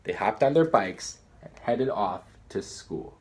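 Husky man reading a storybook aloud. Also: lowish voice, unhurried. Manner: animated, dramatic pacing. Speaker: storybook reader. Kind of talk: reading a children's book aloud.

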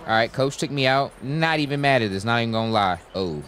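Excitable young man narrating gameplay. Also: medium pitch, fast, hardly any pauses. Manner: excitable, talks to teammates, shouts at big plays. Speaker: gaming YouTuber. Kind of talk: live gameplay commentary.

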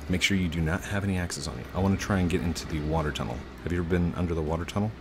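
Deep-voiced, playful male gaming host. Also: fairly even intonation, racing, background noise. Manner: chatty and playful, teasing and laughing often. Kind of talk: casual gameplay commentary.

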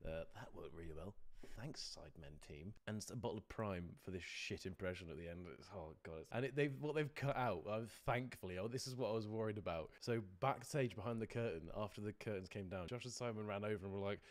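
A man's voice: lowish voice, lively intonation, brisk, few pauses. A man streaming a reaction to his own stand-up performance, talking casually, self-deprecating and laughing often.

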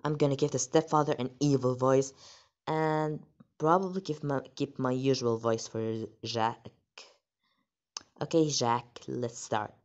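Low-voiced, slow-talking woman host. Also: a little mellow. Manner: chatty, reacts with surprise. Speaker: channel host. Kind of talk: casual chat reading text stories. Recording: dull lo-fi audio.

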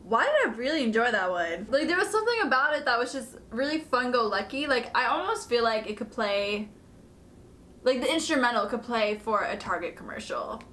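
A woman's voice: fairly high pitch, expressive, fairly quick, fairly bright tone, reverberant, slight background noise. A woman hosting a music reaction, chatting casually, swearing freely and laughing often. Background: faint music playing.

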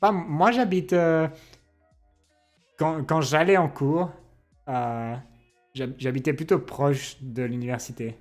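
A young adult man streams live, chatting with his viewers in an unhurried, drawn-out way. He reads their messages aloud and teases them playfully. Faint music plays quietly behind his voice. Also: on the high side. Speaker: livestreamer. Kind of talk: casual chat with viewers.

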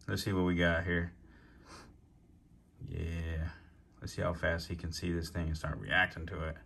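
Vlog host, male, lowish pitch, slangy, excitable, swears freely. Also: a little slow, vocal fry, slight background noise. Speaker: channel host. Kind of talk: casual vlog narration.

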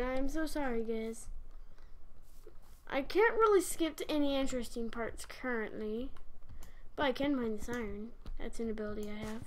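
High-voiced woman chatting through a game. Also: moderate pace, darkish tone. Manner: chatty, apologetic, talking to herself while playing. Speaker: gaming channel host. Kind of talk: casual game commentary.

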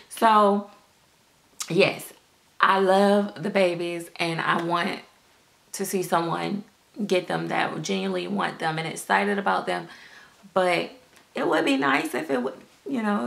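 A woman's voice: medium pitch, creaky, a bit bright. A woman chatting candidly to her viewers, acting out the reactions she quotes. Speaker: doll collector vlogger. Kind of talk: casual chat to viewers.

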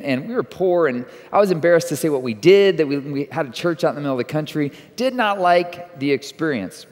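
Casting: man from Texas, pastor, relaxed chatty sermon, a bit high, big church reverb. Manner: casual, conversational storytelling with restarts. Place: church auditorium. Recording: long reverb of a church hall.

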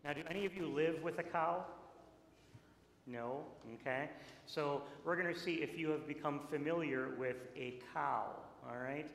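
A man leads a children's message as pastor, gentle and playful, chatting with many fillers. His voice sits a little high. It rings out in a reverberant church sanctuary with clear room noise. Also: normal speed.

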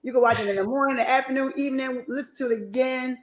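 A woman's voice: high voice, fairly even intonation, quick pace. Host lady gushing over her guest, middle voice, lots of room echo. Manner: effusive, gushing and warm with praise. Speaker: show host. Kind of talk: casual interview chat. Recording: echoey room.

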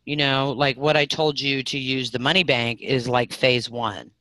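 A middle-aged woman teaching a live online spiritual class, telling stories with big swings between loud and soft. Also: extremely low pitch, fairly even intonation, normal speed, no echo.

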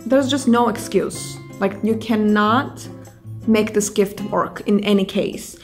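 A woman's voice: mid-range voice, slow pace, soft background music. A young woman hosting a comedic vlog, rambling, sarcastic and casually profane. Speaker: vlogger.

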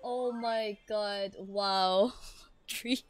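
A woman streaming a game, laughing and swearing in breathless excitement. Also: mid-range voice, very slow, smooth. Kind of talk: excited gaming stream chat.

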